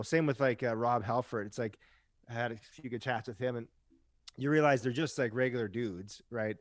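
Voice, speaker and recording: A man's voice: medium pitch, no echo, clean studio sound. A man guesting on a podcast, telling stories in a casual, chatty way, often tagging lines with "right?" and swearing now and then. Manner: chatty storyteller who keeps asking "right?". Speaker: podcast guest, rock musician. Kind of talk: casual chat.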